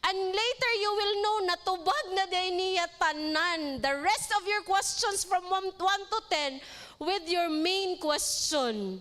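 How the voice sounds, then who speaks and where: A woman lecturer with a Cebuano Filipino accent giving an animated live seminar lecture, switching between English and Cebuano and joking with the audience. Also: extremely high pitch, measured pace.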